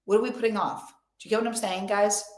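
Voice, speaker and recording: A woman's voice: medium pitch, fairly even intonation, fast. Young woman coach doing a live motivational stream, super emphatic, repeats affirmations a lot, echoey room. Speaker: motivational coach hosting an online event. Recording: roomy echo.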